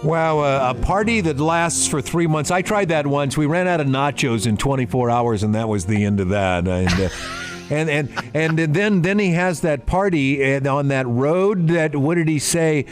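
A man hosting a radio show from the studio, joking with some halting phrasing. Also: fairly high pitch, animated, soft background music. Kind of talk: radio chat.

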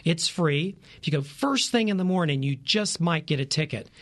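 A man's voice: a little high, lively intonation, moderate pace. A man in his forties, a travel reporter giving tips in a radio interview, eager and full of ums and uhs. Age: 40s. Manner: enthusiastic, many fillers.

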